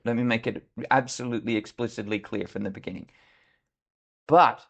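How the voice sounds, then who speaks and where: A man's voice: medium pitch, vocal fry. A middle-aged Australian man, a leadership consultant, telling candid, reflective stories as a podcast guest. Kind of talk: podcast interview storytelling.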